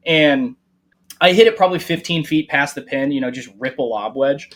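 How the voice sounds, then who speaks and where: A golf podcast co-host with a fairly high male voice tells stories at normal speed in casual chat. He's an animated storyteller who swears freely.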